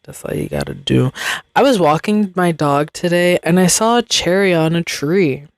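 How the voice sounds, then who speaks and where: A woman's voice: on the low side, normal speed, gravelly, no echo, studio quality. A young adult woman hosting a podcast, rambling in casual chat with slang and frequent laughs. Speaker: podcast host.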